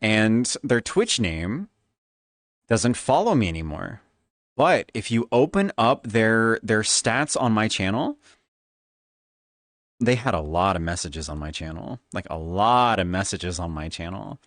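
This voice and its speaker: Man, flamboyant, tipsy, Valley Girl lilt, lively swooping pitch, dry close sound. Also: a little slow, dry recording. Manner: flamboyant, animated. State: tipsy from drinking. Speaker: streamer. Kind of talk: casual stream chat.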